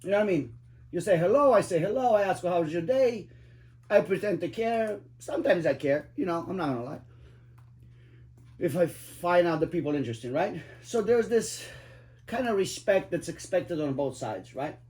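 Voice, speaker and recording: A middle-aged man spins cab-driver stories in a loose, rambling chat. His voice sits a little high, and he swears freely for emphasis, stacking fillers as he goes. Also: animated, moderate pace, darkish tone. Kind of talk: casual storytelling chat.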